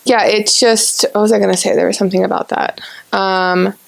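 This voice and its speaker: A woman's voice: mid-range voice, steady tone, brisk, creaky. A woman in her twenties hosting a podcast, telling a story at length in casual chat. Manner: talkative, rambling storyteller. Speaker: podcast host.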